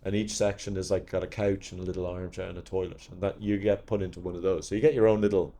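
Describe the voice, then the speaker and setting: A man's voice: low voice, quick pace. A man, an actor guest on a podcast, telling anecdotes from his career in casual chat and acting out the people he quotes. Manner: animated storyteller who acts out quoted people.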